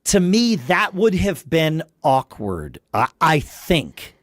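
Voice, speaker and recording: A man's voice: a little high, huge pitch swings, slow, a bit bright, no echo, studio quality. A man hosting a casual podcast conversation, thinking aloud with frequent restarts and tangents. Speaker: podcast host.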